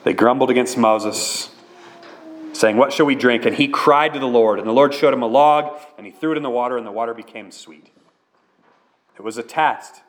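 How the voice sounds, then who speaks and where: A man's voice: mid-range voice, normal speed. Male pastor, sermon delivery, earnest and conversational.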